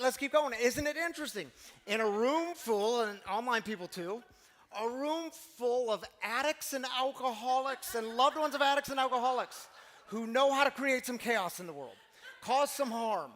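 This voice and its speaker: Pastor with a high voice, emphatic and conversational, preaching in a big echoing room. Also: male voice, fairly bright tone. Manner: emphatic, rhetorical questions, conversational. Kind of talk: sermon.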